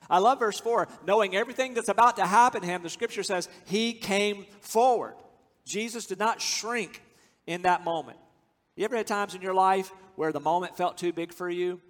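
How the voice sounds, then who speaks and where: A man from the United States preaching a sermon, earnest and emphatic, slowing down to stress key phrases. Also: high voice. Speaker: pastor. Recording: long hall reverb.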